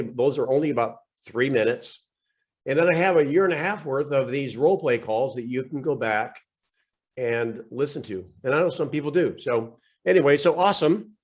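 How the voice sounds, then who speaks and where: A man hosting a real estate coaching call, upbeat and joking, his voice weak and a bit scratchy from overuse, speaking into a computer mic on a video call. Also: medium pitch.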